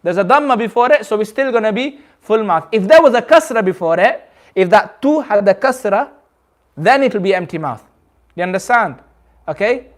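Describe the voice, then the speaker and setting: A man with a notably high voice leads a recitation class in a community centre. He explains each rule slowly and patiently, repeats himself, and checks understanding with questions to the room. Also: animated. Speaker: Quran recitation teacher. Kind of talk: classroom teaching.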